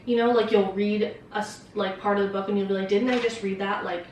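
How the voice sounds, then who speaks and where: Her medium-pitched voice is steady, brisk and darkish as this young vlogger chats about a book, rambling, cursing and filling gaps with filler words. A little hiss or hum sits under a distant mic in a very echoey room.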